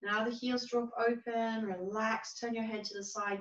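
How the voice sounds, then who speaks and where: A woman teaching a yoga class, giving calm, gentle, unhurried cues. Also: on the high side. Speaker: yoga instructor. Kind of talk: guided yoga class instruction. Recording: roomy, distant, dull-sounding recording.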